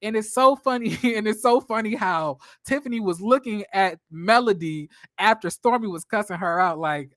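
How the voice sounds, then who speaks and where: A woman's voice: mid-range voice, normal speed, hardly any pauses, no room sound, clean studio sound. A woman casually recapping a reality TV episode, talking bluntly and chatty, with frequent laughter and cursing.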